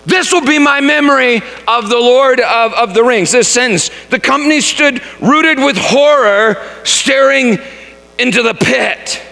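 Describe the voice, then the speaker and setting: A man's voice: very high-pitched, measured pace, gravelly, bright, forceful tone. A man giving a storytelling sermon, reading aloud dramatically, often stumbling and repeating words. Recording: long reverb of a large hall.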